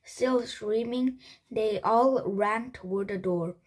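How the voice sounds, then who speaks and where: A woman reading a children's chapter book aloud, halting with frequent restarts and slips. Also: mid-range voice, a little mellow, poor audio. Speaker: storybook reader.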